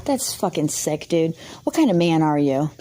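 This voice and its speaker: A woman's voice: sits low, very animated, normal speed, dark tone. A woman vlogger telling an angry, rambling story to camera, swearing heavily and sounding indignant.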